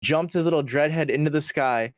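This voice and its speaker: A man's voice: a little high, brisk, no echo, clean studio sound. A young man as a podcast guest, telling a story in a rambling, slangy, swearing style with many restarts. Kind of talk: casual storytelling chat.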